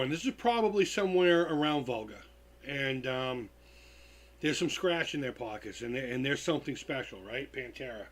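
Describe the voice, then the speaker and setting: A man's voice: mid-range voice, a bit bright. A tired man hosting a live stream, telling stories in a loose, profane, casual way. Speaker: livestream host.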